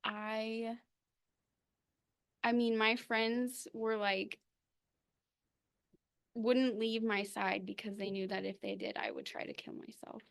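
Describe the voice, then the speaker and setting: Slow, gravelly-voiced woman sharing her story. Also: on the high side. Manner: halting, many ums and pauses. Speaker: recovery meeting speaker. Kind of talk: personal testimony.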